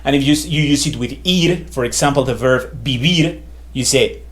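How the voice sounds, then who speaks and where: A man's voice: medium pitch, moderate pace, a bit bright. A man teaching a beginner Spanish grammar lesson in a chatty, loose way, full of fillers and repeated phrases. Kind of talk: casual whiteboard lesson.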